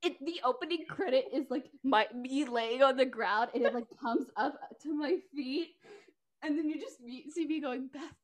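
A young woman co-hosting a podcast in casual chat, giggling as she acts out stories with animated delivery. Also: sits high, moderate pace. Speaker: podcast co-host.

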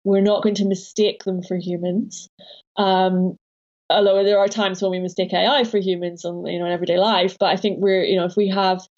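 A woman's voice: mid-range voice, little pitch movement, brisk, darkish tone, dull audio. A woman author being interviewed, speaking thoughtfully with some hesitation and frequent laughs. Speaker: author and guest. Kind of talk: conversational interview.

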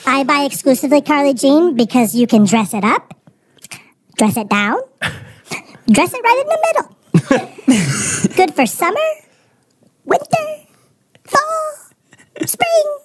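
Sassy young fashionista in a prim sing-song falsetto, done by a man; haughty, slow, drawn out. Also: big pitch swings, a bit bright, full character voice. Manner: haughty, condescending.

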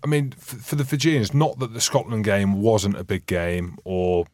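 A man's voice: fairly low pitch, fairly even intonation, moderate pace, darkish tone, no room sound, studio quality. A man co-hosting a podcast, chatting casually with teasing, mock-dim banter. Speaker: podcast co-host. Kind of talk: casual chat.

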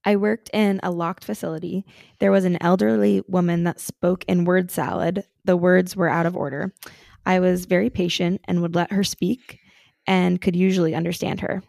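Young woman co-host, low and gravelly, dry close sound, laid-back chatty reads. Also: fairly even intonation, moderate pace, darkish tone, no echo. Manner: laid-back, swears casually. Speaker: podcast co-host. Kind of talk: casual chat, reading listener stories.

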